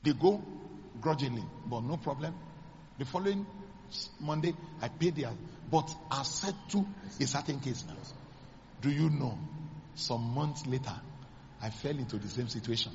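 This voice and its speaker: A Nigerian man, a pastor, preaching a sermon as dramatic storytelling, acting out the dialogue with sudden high exclamations. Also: normal speed, darkish tone, in a large hall, highs cut off, slight background noise.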